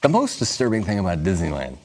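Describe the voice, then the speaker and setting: A man's voice: deep voice, wildly swooping pitch, fast talker, darkish tone. A man who is a talk show guest, reading jokes and laughing at his own lines. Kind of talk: casual talk show banter.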